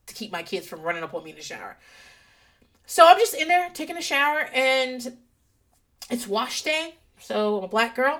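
A woman in a casual, profane, animated chat, rambling through anecdotes and a TV recap from her home office. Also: fairly high pitch. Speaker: podcaster recapping a TV show.

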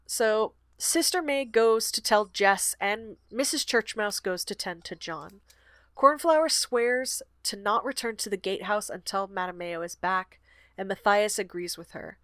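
A woman's voice: mid-range voice, measured pace, fairly bright tone, dry recording. A woman co-hosting a podcast, summarizing a book chapter in a casual chat and often laughing. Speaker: podcast co-host recapping a book.

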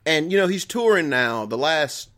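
A man chats on a podcast. He tells long, rambling stories in a lively voice that swings widely in pitch. He swears freely and laughs often. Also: a little slow. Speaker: podcast co-host. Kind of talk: casual chat.

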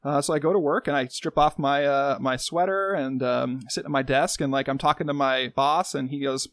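A man co-hosting a podcast in casual comedic chat, telling absurd stories in a rambling, deadpan way. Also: medium pitch, moderate pace, no room sound. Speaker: podcast co-host.

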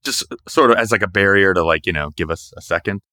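Man, tabletop game player, joking, laughs often, low but lively voice, dry close recording. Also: fast talker, dry recording.

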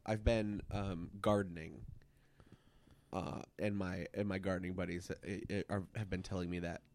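A man co-hosting a casual chat, rambling with fillers and deadpan jokes. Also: sits low, moderate pace. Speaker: podcast co-host.

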